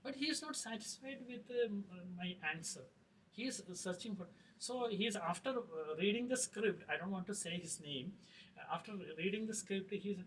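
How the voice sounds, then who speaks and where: A middle-aged man, a film director talking in an interview, halting with many fillers and restarts. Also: high voice, a bit bright. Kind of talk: casual interview talk. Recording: distant mic with faint noise.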